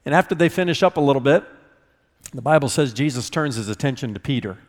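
A man's voice: medium pitch, animated, quick pace, long reverb tail. A man pastor preaching a sermon in an expository manner, often repeating words for emphasis. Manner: expository, repeats words when stressing a point.

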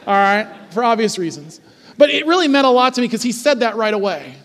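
A man in his forties preaching a sermon, telling stories in a lively, conversational way and often checking in with the congregation. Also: high voice, a little fast, long reverb tail. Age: 40s. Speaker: pastor. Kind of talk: sermon with storytelling.

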